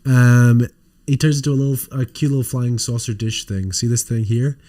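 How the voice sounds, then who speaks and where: A man's voice: medium pitch, fairly even intonation, moderate pace, warm tone. A man co-hosting a livestream podcast, rambling casually and swearing while showing off toys. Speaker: podcast co-host.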